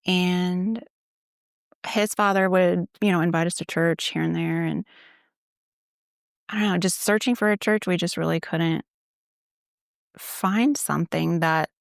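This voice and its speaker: A woman with a low, gravelly voice recounts her faith story in a relaxed, conversational way. She acts out her own past thoughts as little quotes. The sound is dry and close to the mic. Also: unhurried, pauses often, no room sound. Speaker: church ministry assistant, interview guest. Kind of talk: casual faith-story interview.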